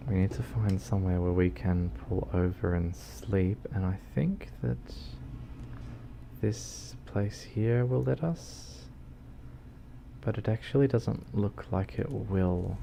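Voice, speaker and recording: Man, low and gravelly, unhurried, rambling livestream chat over loud game noise. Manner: rambling, lots of ums, reads chat aloud, self-deprecating. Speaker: streamer. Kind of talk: casual livestream chat while gaming.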